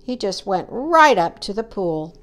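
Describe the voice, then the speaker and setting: A woman reading a children's story aloud, acting out the characters with high, excited cries. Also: a little slow.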